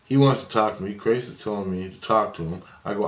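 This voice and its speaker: A man with a lowish voice rants on at length, agitated and swearing freely. The sound bounces around an echoey room. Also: fast talker. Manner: agitated, profane ranting. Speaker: vlogger. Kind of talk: rambling spiritual monologue.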